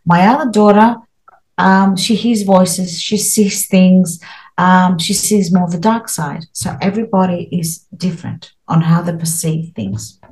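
A woman's voice: lowish voice, steady tone, measured pace, darkish tone, low-quality recording. A middle-aged woman as an interview guest, talking earnestly and at length, with many restarts and fillers. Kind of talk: interview, spiritual experiences.

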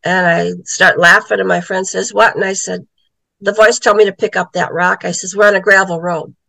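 A middle-aged woman with a gravelly, creaky edge to her voice tells a story as an interview guest. She leaps into the voices of the people she quotes, and the sound is dry and close. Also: medium pitch, steady tone, moderate pace, pushed and bright, no echo, low-quality recording. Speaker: guest, author and psychic medium.

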